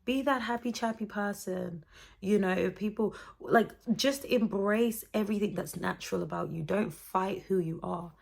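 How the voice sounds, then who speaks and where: A young woman in her twenties talking to camera in a chatty, expressive vlog with motivational, faith-based encouragement. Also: medium pitch, normal speed, creaky. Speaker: vlogger.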